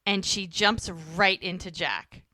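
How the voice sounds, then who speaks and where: American woman, podcast co-host, bright clear voice, dry close sound, chatty rambling recap. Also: on the low side, slow, no room sound. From United States. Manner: chatty, rambling, quotes characters in lively voices. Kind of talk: casual recap chat.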